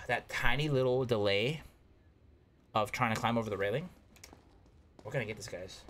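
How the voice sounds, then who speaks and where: A man giving casual gameplay commentary, excitable and talking to himself, yelping at close calls. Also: mid-range voice, normal speed. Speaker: gaming YouTuber.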